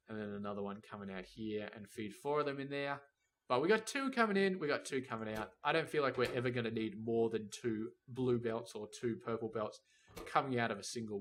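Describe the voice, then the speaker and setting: Man, mid-pitched voice, casual gameplay commentary, muses aloud, scolds the in-game robots. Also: a bit bright. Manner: thinking aloud, talks to the game's robots and trains. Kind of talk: casual let's-play commentary.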